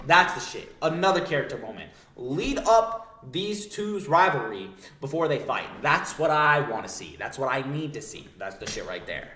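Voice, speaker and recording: A man's voice: medium pitch, big pitch swings, normal speed, hardly any pauses, pushed and bright, slight background noise. Hyped, swearing young man. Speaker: manga breakdown video host. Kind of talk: excited, profane, casual commentary. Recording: echoey room.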